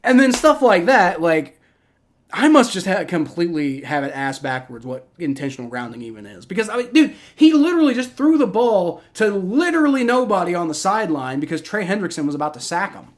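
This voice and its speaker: A young man hosting a live stream, giving rambling, excitable reactions and play-by-play while he watches a football game and swears freely. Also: high-pitched, brisk. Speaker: livestream host.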